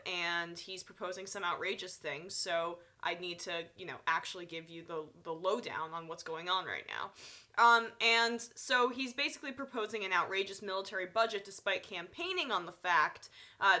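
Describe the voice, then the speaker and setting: A woman's voice: mid-range voice, bright, forceful tone. A woman with a stuffy nose giving sarcastic, opinionated live political commentary, full of fillers. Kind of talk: live online news commentary.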